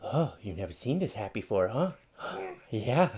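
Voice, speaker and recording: A man hosting a casual home vlog, talking playfully and gently to his baby in his home office. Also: fairly low pitch, very animated, unhurried, slightly rough. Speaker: YouTube host and new father. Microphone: studio microphone.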